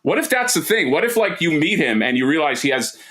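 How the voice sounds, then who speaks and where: A man's voice: fairly high pitch, very animated, a little fast, pushed and bright. A man co-hosting a casual livestream chat, rambling and joking with lots of restarts and fillers. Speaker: co-host.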